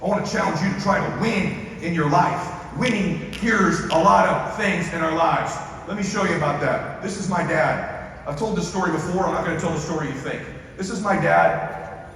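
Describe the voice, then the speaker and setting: A man's voice: on the high side, a little fast, hardly any pauses, a bit bright. A middle-aged man gives a motivational stage speech to a live audience, driving his points home by repeating key phrases. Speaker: motivational speaker. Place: large hall with a live audience. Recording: echoey hall, from far off, with ambient noise.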